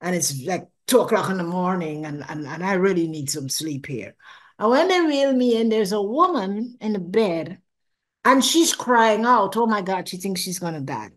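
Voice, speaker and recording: A woman's voice: medium pitch, moderate pace. An older woman telling her story as an interview guest, acting out her own past thoughts and laughing now and then. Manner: expressive, acts out her own past thoughts, laughs often, repeats words. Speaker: interview guest recounting a near-death experience. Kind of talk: animated personal storytelling.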